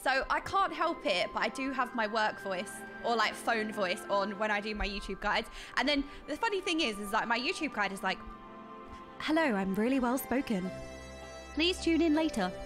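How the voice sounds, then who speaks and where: A woman streaming a game, chatting casually in a rambling, animated way that repeats points as she goes. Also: fairly high pitch, brisk, hardly any pauses, music in the background. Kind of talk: casual stream chat while gaming.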